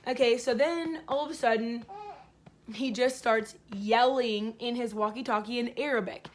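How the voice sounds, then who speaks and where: A woman's voice: a little high, moderate pace. Rambling woman telling a story. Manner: rambling, filler-heavy, animated retelling. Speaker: vlogger. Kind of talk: casual storytelling.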